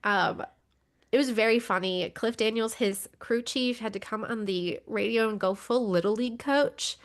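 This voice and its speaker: A woman co-hosting a podcast in casual chat, with a fairly high voice. She sounds wry and exasperated and swears freely. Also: moderate pace. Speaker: podcast co-host. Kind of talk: casual motorsports news chat.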